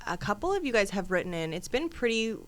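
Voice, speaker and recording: A woman's voice: mid-range voice, very animated, fast, fairly bright tone. A woman co-hosting a true crime podcast in casual, chatty talk, rambling into asides and laughing often. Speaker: podcast co-host.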